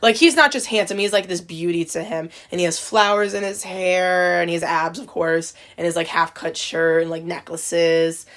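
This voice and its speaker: A woman's voice: on the low side, fairly even intonation, normal speed, few pauses. A woman co-hosting a podcast in casual chat, talking chattily and filling her sentences with "like". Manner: chatty, heavy use of "like". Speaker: podcast co-host. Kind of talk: casual chat about a video game.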